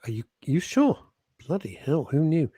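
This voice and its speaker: A man with a fairly high, very lively voice that bounces through wide swings of pitch as he teases his co-host and reads listener messages aloud. His delivery is playful, with quick asides and mock outrage, recorded close and dry with no room sound. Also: slightly rough, dry recording. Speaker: radio show co-host. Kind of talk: casual banter, reading listener messages.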